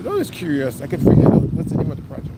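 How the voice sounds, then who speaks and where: Hyped high-voiced man livestreaming outdoors. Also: huge pitch swings, very fast. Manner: hyped, repeats phrases over and over, chants "Brooklyn". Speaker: street livestreamer. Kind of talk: live walking stream commentary. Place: outdoors on a seaside boardwalk. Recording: loud wind noise on an outdoor phone mic.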